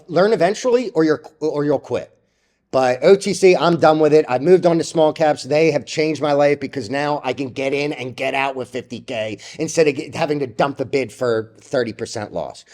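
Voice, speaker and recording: A young man ranting bluntly about stock trades, profane and rambling, with a slightly high voice. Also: a little mellow. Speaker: stock trading vlogger. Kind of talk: casual ranting commentary.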